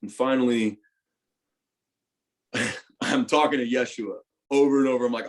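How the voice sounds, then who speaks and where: A young man, a retired football player, telling his story in a candid interview. He talks animatedly and swears freely, and his voice swings between loud bursts and hushed asides. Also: medium pitch, moderate pace, long pauses.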